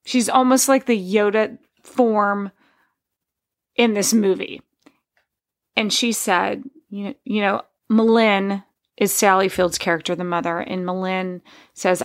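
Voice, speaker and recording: A woman's voice: mid-range voice, steady tone, measured pace. A woman hosting a podcast, sharing a personal story in a candid, heartfelt, conversational way. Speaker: podcast host.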